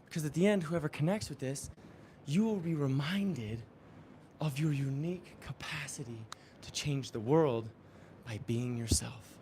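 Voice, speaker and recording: A man's voice: fairly high pitch, a little slow, a little mellow, a little hiss or hum. A man exercising during a live-streamed motivational talk, earnest and affirming, often chuckling. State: exercising while talking. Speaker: spiritual coach.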